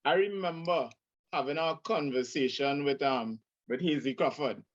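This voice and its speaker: Trinidadian man, higher voice, lo-fi. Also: normal speed. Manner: relaxed anecdotal recollection with hesitations. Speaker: co-host. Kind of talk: casual interview talk. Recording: dull low-fidelity sound.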